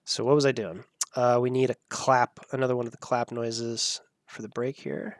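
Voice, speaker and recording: A man's voice: medium pitch, level tone, normal speed, no room sound. A man hosting a live audio editing tutorial, thinking aloud as he works and laughing at the clips. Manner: musing, thinking aloud while working. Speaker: host.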